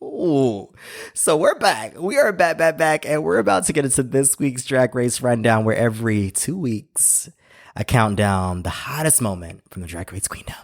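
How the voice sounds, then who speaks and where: A playful man riffs through his solo podcast with loose slang and frequent laughter, his pitch sitting right in the middle for a man. The recording is close and dry, with no room sound around him. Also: dry recording. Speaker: podcast host. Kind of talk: casual solo podcast chat.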